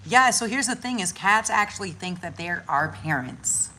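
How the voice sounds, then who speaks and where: A woman with a medium-pitched voice talks at a moderate pace, with slight background noise. A spiritual content creator, she chats loosely about spirituality in slang, swears freely and acts out little voices in her animated storytelling.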